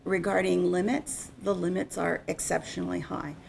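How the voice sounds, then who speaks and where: Gravelly low-voiced woman presenting. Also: level tone, moderate pace, a little mellow, slight background noise. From Canada. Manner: conversational, explanatory, unscripted. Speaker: insurance presenter. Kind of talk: conference presentation.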